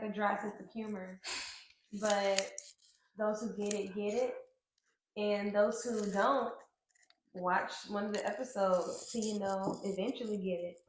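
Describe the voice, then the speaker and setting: Casting note: relaxed, candid woman co-host, casual chat, roomy echo, faint hiss. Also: medium pitch. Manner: relaxed, frank, swears casually, many fillers. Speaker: podcast co-host. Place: indoor room, on a couch. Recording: echoey room, faint noise.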